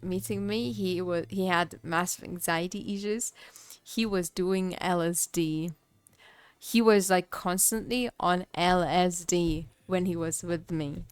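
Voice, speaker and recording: A woman's voice: lowish voice, smooth, no echo. A young woman from Kazakhstan, telling personal stories on a livestream in a rambling way full of "like" and "you know". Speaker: streamer. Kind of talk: casual storytelling on a livestream.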